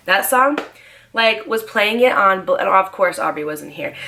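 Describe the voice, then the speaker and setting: Vlogging a storytime, a young woman in her twenties talks quickly and chattily, sprinkling "like" everywhere. Her medium-pitched voice sounds pushed and bright, with lively intonation.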